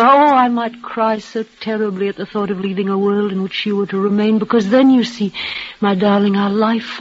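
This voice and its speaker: An actress playing a frail, devoted young woman near death, speaking in a halting, breathless, emotional way in a 1940s radio play. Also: mid-range voice, close to an everyday voice. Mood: resigned. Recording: muffled old radio broadcast.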